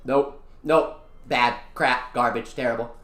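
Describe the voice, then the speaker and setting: A young-adult VTuber streamer chatting casually with viewers during a game, excitable and slangy, swinging from low mutters to loud wails. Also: a little slow. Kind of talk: casual live-stream chat over a mobile gacha game. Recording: echoey room.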